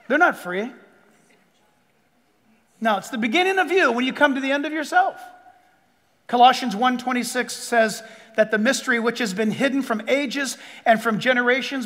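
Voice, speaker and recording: An older man preaching a sermon, swinging between loud bursts and hushed asides and joking with the crowd. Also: extremely high pitch, long reverb tail. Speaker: pastor.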